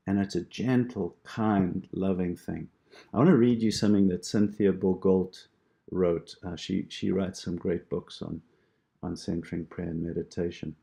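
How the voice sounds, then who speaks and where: Deep gravelly man teaching meditation. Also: fairly even intonation, moderate pace. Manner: gentle, reassuring, explains with imagery. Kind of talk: instructional talk on prayer practice.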